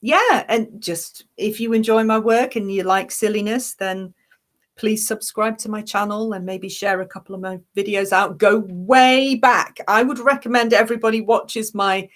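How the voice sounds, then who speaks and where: A woman's voice: medium pitch, fairly even intonation, moderate pace. An English actress with a fairly neutral, near-London accent, chatting casually in an interview, laughing often and restarting her sentences. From Yorkshire, England. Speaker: actress and online parody creator.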